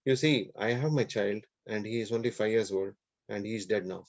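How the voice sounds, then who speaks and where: A man's voice: fairly low pitch, fairly quick, close to an everyday voice. A man voicing a grieving, distressed Brahmin father in his forties, who pleads and accuses in anguish. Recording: dull lo-fi recording.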